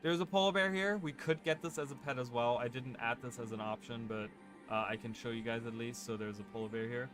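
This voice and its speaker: A man's voice: mid-range voice, fairly even intonation, fairly quick, fairly bright tone. A man hosting a casual let's-play, rambling along with lots of fillers and rhetorical "right?" checks. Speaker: gaming channel host. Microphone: desk microphone. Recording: game music playing under the voice.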